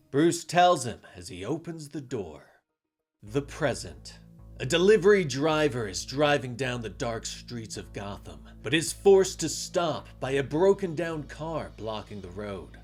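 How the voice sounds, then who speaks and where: A man narrating a comic story in a dramatic, animated scripted style. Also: mid-range voice, measured pace. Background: faint music.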